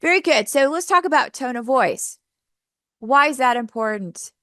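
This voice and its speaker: A woman's voice: sits high, lively intonation, moderate pace, pushed and bright, dry recording. Woman workshop presenter, upbeat coaching manner, dry close sound. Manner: upbeat, coaching, asks the audience questions. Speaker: teacher trainer.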